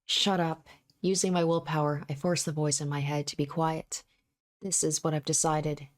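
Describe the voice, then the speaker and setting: A woman reading a visual novel aloud in the first person, in a steady, measured way. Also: deep voice. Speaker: let's play narrator.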